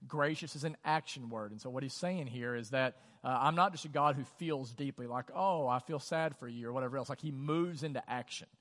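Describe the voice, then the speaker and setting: A man's voice: mid-range voice, fairly quick, few pauses, fairly bright tone. Preaching man in a reverberant church. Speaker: pastor. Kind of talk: sermon. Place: church auditorium. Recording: long church hall reverb.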